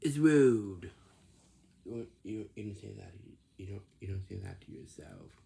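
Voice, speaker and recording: A man's voice: sits low, sing-song, a little fast, vocal fry, warm tone, breathy edge. A man telling a casual, rambling story, often stopping to repeat and correct himself.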